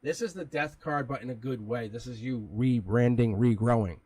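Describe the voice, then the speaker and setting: A man's voice: mid-range voice, moderate pace, dark tone, husky, no echo, low-quality recording. A man hosting a live tarot reading, talking in a rambling, casual way, chuckling often and swearing now and then. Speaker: tarot reader, livestream host.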